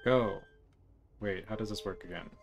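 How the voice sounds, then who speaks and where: A man streaming a game live, chatting softly and reacting to what he sees on screen. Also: fairly low pitch, moderate pace, gravelly, soft background music. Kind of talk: live game playthrough commentary.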